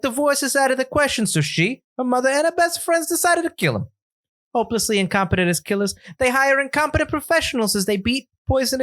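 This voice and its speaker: A man's voice: very high-pitched, a bit bright. A man co-hosting a casual film podcast, bantering playfully and laughing a lot while summarizing a movie. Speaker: podcast co-host.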